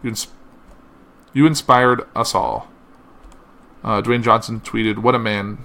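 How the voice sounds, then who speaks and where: A man's voice: fairly low pitch, fairly even intonation, vocal fry, pushed and bright, slight background noise. A man hosting a podcast, reading a tribute and quoted messages aloud, with slips and uh fillers. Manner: reads slowly with uh fillers and slips. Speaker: podcast host.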